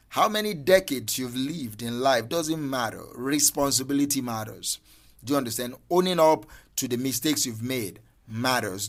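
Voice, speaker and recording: A man giving a motivational talk as a mindset coach, emphatic and insistent, often checking that listeners understand. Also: medium pitch. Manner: emphatic, repeatedly asks "do you understand me"; insistent repetitions like "no, no, no".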